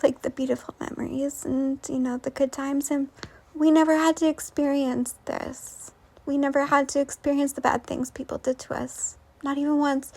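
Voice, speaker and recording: High-voiced woman telling a rambling story. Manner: rambling, many fillers and restarts. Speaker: vlogger. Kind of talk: casual storytelling.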